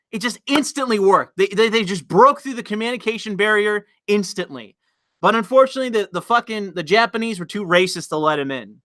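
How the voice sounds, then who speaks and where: A man's voice: high-pitched, sharp tone, no room sound, studio quality. A man hosting a livestream, rambling and swearing as he reads out the chat and says things to provoke it. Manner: rambling, profane, deliberately provocative. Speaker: livestream host reading chat. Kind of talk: casual livestream rant.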